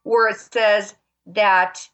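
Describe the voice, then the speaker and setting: A woman's voice: mid-range voice, level tone, drawn-out words, a bit bright. A woman speaking as a talk show guest, sharing an emphatic, emotional Christian testimony and sounding close to tears. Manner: passionate, emphatic, near tears.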